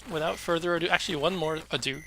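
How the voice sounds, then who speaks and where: A man's voice: a little high, a bit bright, slight background noise. A man hosting a casual live game stream from home, out of breath, chatty and joking with asides. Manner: chatty, self-deprecating, with fillers and quick asides.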